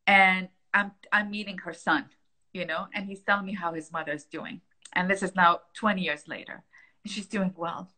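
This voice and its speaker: A middle-aged woman talks in an interview with a bright, forward voice. She is heartfelt and openly emotional, reflecting warmly on what she has heard. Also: fairly low pitch, rough recording. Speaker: founder and guest.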